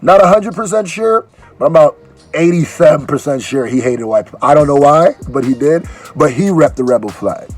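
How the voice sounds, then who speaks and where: This musician speaks fairly quickly with lively intonation in a highish voice, faint music playing behind him. In a casual reaction video he chats loosely in slang, restarting sentences because allergy medicine has left him groggy.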